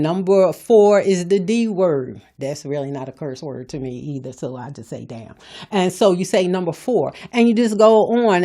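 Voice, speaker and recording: An older woman hosts a podcast with a fairly low voice. She talks in a folksy, preachy way, blunt and scolding but with humor. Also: warm tone. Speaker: podcast host. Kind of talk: preachy motivational talk.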